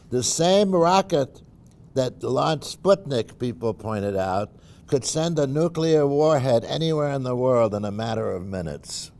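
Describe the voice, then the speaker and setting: A man's voice: mid-range voice, creaky, darkish tone, slight background noise. An older man, a math professor, giving an informal lunch lecture, wry and reflective, with dry asides and frequent "uh"s. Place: university seminar room.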